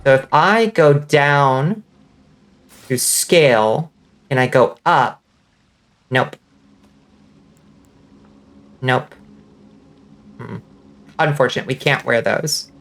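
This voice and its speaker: A woman with a faint Southern accent and a slight lisp, giving casual gaming commentary while enunciating clearly. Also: extremely low pitch, very slow, pauses often. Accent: subtle Southern US. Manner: clear enunciation, swears and laughs often. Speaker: vtuber streamer.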